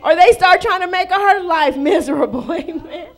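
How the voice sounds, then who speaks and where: High-voiced woman preaching a lively sermon. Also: normal speed. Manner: lively preaching with rhetorical questions and playful acted quotes. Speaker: pastor.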